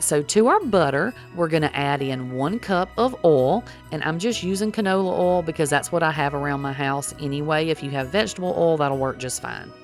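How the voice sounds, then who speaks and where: Chatty low-voiced woman cooking. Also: vocal fry. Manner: chatty, folksy, addresses viewers as y'all. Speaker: cooking vlogger. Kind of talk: casual cooking demonstration.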